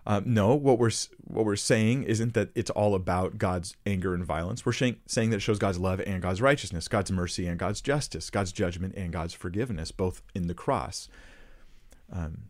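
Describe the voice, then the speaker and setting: A man giving casual, earnest commentary on clips he plays, with rhetorical questions and quick restarts. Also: low voice. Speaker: Christian commentator.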